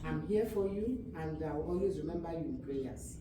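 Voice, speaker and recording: A woman's voice: deep voice, expressive, moderate pace. Older Nigerian woman, wedding toast with blessings; distant, roomy sound, noise behind. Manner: warm, blessing-giving, repeats prayers and praise. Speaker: wedding guest giving a toast. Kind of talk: wedding speech. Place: wedding reception hall. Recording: echoey hall from far off, background noise.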